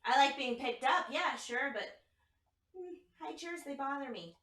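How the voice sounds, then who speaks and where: A woman's voice: high-pitched, animated, unhurried, sharp tone. A woman playing in a tabletop game, talking casually and playfully. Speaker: player. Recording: roomy echo.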